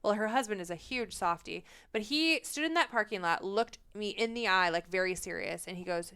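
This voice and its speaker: A young adult woman co-hosts a casual podcast chat, acting out the people in her stories and laughing often. Her voice is bright and forceful, with a smooth, clear tone. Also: mid-range voice, fairly quick, hardly any pauses. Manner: animated storyteller, acts out quoted lines, laughs often. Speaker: podcast co-host.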